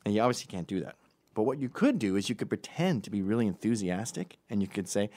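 A man's voice: fairly low pitch, big pitch swings, quick pace, mellow. A middle-aged man doing a profane, sardonic comedy monologue.

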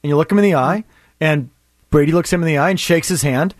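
A male sports radio host pushes his point with one rhetorical question after another. His voice sits high, and the studio sound is dry and close. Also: quick pace, no echo. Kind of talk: sports talk radio debate.

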